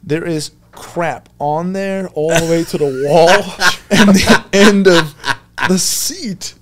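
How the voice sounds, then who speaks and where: A man with a somewhat high voice tells a funny story from his early police days. He is excitable and laughs through the telling, slipping into quoted voices. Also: slow pace, a little hiss or hum. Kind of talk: casual storytelling.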